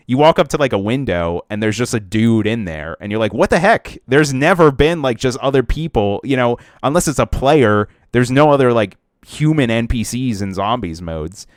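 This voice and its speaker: A man's voice: medium pitch, expressive, moderate pace, few pauses, no room sound, studio quality. A young man co-hosting a casual podcast about video games, rambling with lots of fillers and restarts. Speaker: podcast co-host.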